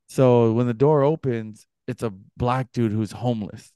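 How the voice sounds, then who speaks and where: A young man co-hosting a podcast, telling a story casually and acting out the other people's voices with big jumps in pitch. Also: normal speed, hardly any pauses, clean tone, no echo, studio quality. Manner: animated, acts out quoted voices with pitch jumps. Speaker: podcast co-host.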